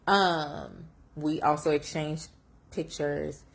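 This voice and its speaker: Low-voiced woman telling a personal story, getting teary, voice leaps up when she quotes herself. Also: slow pace, vocal fry. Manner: reflective, emotional, lively shifts in pitch when quoting herself. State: tearful. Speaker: vlogger sharing a personal story.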